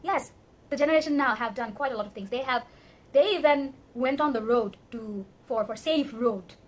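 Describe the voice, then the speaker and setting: A young adult woman vlogger from Bangladesh, whose first language is Bengali, speaks to camera in English with a Bangladeshi accent. Her voice is a little high and moderately paced as she delivers an emotional rant, impassioned, pleading, and emphatic.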